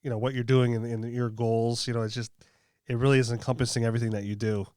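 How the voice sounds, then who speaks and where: A man with a smooth, clean voice hosts a relaxed chat in a dry studio sound. He rambles warmly, circling back with fillers as he encourages his guest. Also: mid-range voice, quick pace, no echo. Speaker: podcast host. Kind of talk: casual chat.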